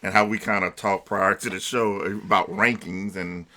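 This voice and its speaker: Young male sports co-host, very low voice with a bright edge, easygoing. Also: steady tone, normal speed. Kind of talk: casual sports talk.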